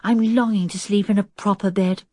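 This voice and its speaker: A woman's voice: medium pitch, steady tone, a little fast, darkish tone, no echo, studio quality, close to an everyday voice. Woman doing a spirited young girl. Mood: demanding. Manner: indignant, spirited. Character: quiet young girl turned fierce, bold and stubborn.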